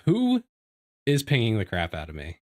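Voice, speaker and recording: A man streaming from home, chatting casually with his viewers in a rambling, animated way, often restarting his sentences. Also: fairly low pitch, moderate pace. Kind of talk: casual livestream chat. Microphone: desk microphone.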